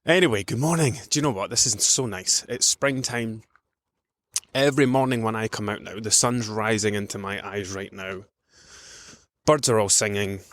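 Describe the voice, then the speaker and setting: A man's voice: on the low side, normal speed, a bit bright. A man hosting a nutrition podcast, talking in a casual rambling way with many ums while out on a morning walk. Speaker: podcast host, nutrition coach.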